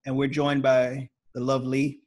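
A man's voice: mid-range voice, monotone, normal speed, darkish tone. A man hosting a podcast in laid-back casual chat, filling his talk with "like" and "you know" and laughing often. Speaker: podcast host.

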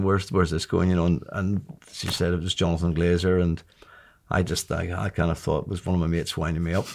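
A man in his sixties telling a long anecdote in a chatty way, laughing and often restarting his sentences. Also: deep voice. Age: 60s. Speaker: interview guest. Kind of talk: casual storytelling.

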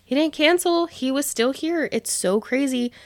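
A woman's voice: high voice, moderate pace, no room sound, clean studio sound. A woman in her thirties telling a rambling, casual story, swearing freely and filling with "like". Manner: rambling, profane, many fillers.

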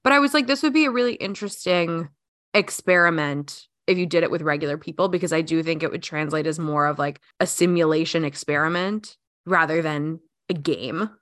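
Young woman, podcast co-host, casual chatty talk, lower voice, dry close sound. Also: a little fast, a bit bright, no room sound. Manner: chatty, muses aloud with many "like"s. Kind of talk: casual chat.

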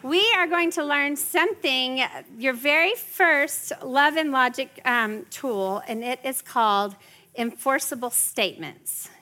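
A middle-aged woman teaches a parenting class to a live group in a chatty manner, frequently checking in with her listeners. Her voice is high-pitched, unhurried, pushed and bright.

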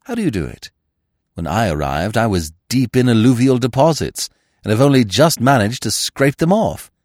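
A man reading aloud plays a suave, pompous young gentleman who talks in languid, elaborate, mock-solemn phrases. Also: mid-range voice, lively intonation, moderate pace, dry recording, studio quality, lightly acted. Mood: gallant.

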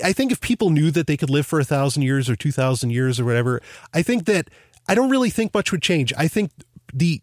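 A man's voice: high-pitched, no echo, studio quality. A man hosting a podcast, musing in casual conversation with lots of fillers and restarts. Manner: rambling, thinking aloud with many fillers and restarts. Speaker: podcast host.

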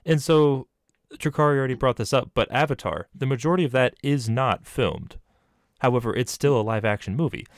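A man's voice: medium pitch, a little fast, dry recording, studio quality. A man hosting a casual film podcast, steering the talk with questions and examples. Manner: asks probing questions. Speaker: podcast host.

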